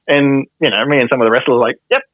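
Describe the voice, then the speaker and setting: A man's voice: mid-range voice, steady tone, racing, no room sound, phone-quality sound. An Australian man, a pro wrestler on a podcast, telling a story casually, laughing often and swearing mildly.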